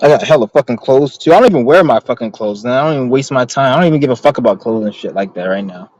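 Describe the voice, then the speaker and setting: A man's voice: mid-range voice, expressive, racing, a little mellow, slight background noise, rough recording. A young man talking casually to the camera from his car, rambling and swearing while telling stories, agitated and blunt. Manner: profane, rambling, agitated storytelling. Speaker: vlogger.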